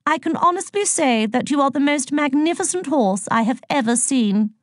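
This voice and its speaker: Woman doing a calm posh old queen, high and polite, dry close sound. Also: normal speed, no room sound. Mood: gracious. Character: gracious, composed elderly queen, calm and courteous.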